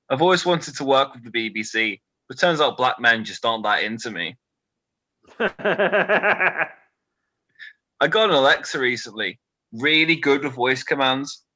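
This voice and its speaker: A British man in his twenties doing a stand-up set, delivering deadpan one-liners with nervous asides to a quiet crowd. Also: mid-range voice, a little slow, long pauses, no echo, poor audio. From Britain. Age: 20s. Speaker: stand-up comedian.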